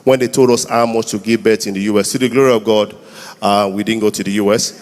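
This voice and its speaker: A Nigerian man in his thirties telling comic stories live, urging the crowd to clap and shout. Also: lowish voice, steady tone, fast. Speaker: comedian. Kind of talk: live stand-up storytelling. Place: church hall. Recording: reverberant hall with faint noise.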